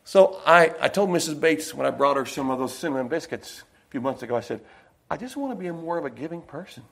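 Folksy high-voiced male preacher. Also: expressive, quick pace, gravelly, a bit bright. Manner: folksy, digressive, with personal anecdotes. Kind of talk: sermon.

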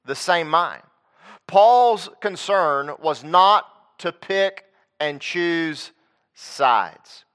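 A man's voice: on the high side, lively intonation, extremely slow, a bit bright. A man preaching a sermon in a conversational way, asking the congregation questions and repeating his points.

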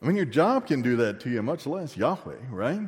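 A middle-aged man preaching a sermon as a pastor, talking conversationally with rhetorical questions to the congregation and swinging between loud emphatic bursts and quiet low asides. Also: big pitch swings, brisk. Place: church sanctuary. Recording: long reverb of a church hall.

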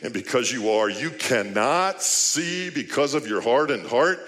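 A man's voice: mid-range voice, expressive, unhurried, a bit bright. A male pastor preaching a sermon, firing off rhetorical questions and building to emphatic appeals. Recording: long hall reverb.

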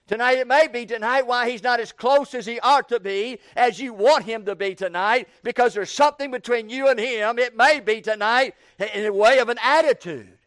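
A man preaching an evening sermon in a folksy way, repeating words and building up to shouted questions. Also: very high-pitched, normal speed, few pauses, no echo, clean studio sound.

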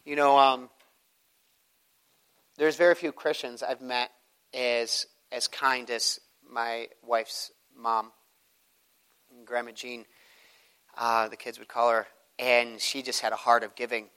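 A young man preaching from the pulpit. He moves between quiet, close prayer and ringing, high-pitched emphasis. He tells stories in an earnest pastor's cadence. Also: level tone, slow pace, long pauses, clear, resonant tone, rough recording. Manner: rises to loud, high preaching, then drops to soft prayerful tones. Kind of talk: sermon.

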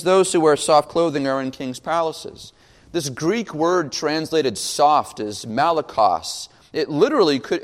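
Male pastor, sermon delivery, animated and expressive, fairly high voice, long church reverb. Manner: animated, acts out questions in quoted voices. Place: church sanctuary.

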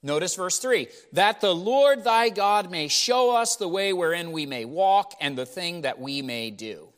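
A man preaching a sermon as pastor, retelling a scripture story with animated voicing of the people in it. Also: sits high, unhurried. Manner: animated, rising loud when voicing the people. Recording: hall reverb.

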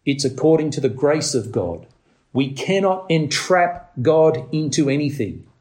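A man preaching a sermon, leaning on words slowly for emphasis and climbing to urgent, raised passages. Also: animated, a little mellow. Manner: preaching with slow emphatic stresses, rising to urgent highs.

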